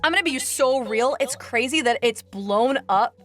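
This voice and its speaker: A woman guest in casual stream chat, talking earnestly and candidly, animated in her manner. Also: fairly high pitch, normal speed, faint music behind.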